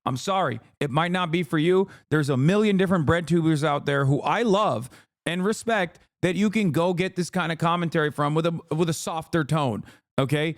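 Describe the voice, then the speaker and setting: A man's voice: a little high, moderate pace, dry recording, clean studio sound. A man streaming live, ranting with heated, profane commentary on a clip he is reacting to.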